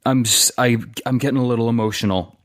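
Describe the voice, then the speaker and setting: A man's voice: mid-range voice, fairly even intonation, fast talker, dry recording, studio quality, close to an everyday voice. A man voicing a weary, ambitious male ex-saboteur who talks earnestly and gets emotional.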